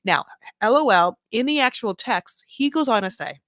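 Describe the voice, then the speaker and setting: A woman co-hosting a podcast, recapping a reality show in a sassy, profane, animated way. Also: on the high side, moderate pace, no room sound, clean studio sound. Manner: animated, profane, sassy storytelling with voiced quotes. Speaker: podcast co-host. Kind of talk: casual recap chat.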